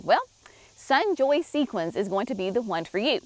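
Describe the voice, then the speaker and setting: A woman's voice: on the high side, very animated, normal speed, darkish tone, no echo. A woman presenting shrubs at a garden nursery, talking chattily and enthusiastically straight to her viewers. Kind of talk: casual product walkthrough for viewers.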